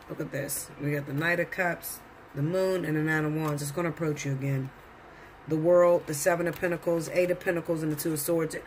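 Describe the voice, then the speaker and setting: A man with a fairly high-pitched voice gives his viewers a casual tarot reading, lecturing them in a blunt, profane way. There's slight background noise.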